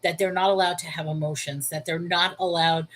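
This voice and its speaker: A middle-aged woman hosting a casual livestream, chatting with viewers, laughing often, and slowing down to give earnest spiritual advice. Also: lowish voice, steady tone, slight background noise, poor audio. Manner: earnest and slow when giving spiritual advice. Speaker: host of a Bible livestream.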